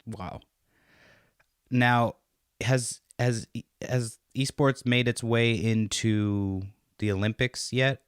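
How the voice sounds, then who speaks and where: A man's voice: medium pitch, steady tone, slow, clean tone, dry recording, clean studio sound. A man in his thirties hosting a podcast, asking questions hesitantly with frequent restarts. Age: 30s. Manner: hesitant, restarts often, many fillers while forming questions. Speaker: podcast host. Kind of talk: casual interview chat.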